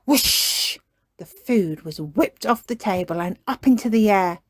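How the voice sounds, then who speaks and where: A woman reading a children's storybook aloud, gentle and unhurried. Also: mid-range voice, lively intonation, no echo, studio quality.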